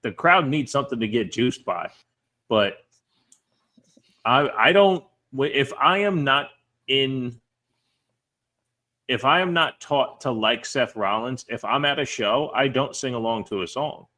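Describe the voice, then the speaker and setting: A man's voice: medium pitch, animated, a little slow, pauses often, sharp tone. A man co-hosting a podcast, giving considered, opinionated takes in casual chat. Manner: reflective, opinionated, self-correcting. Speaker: podcast co-host.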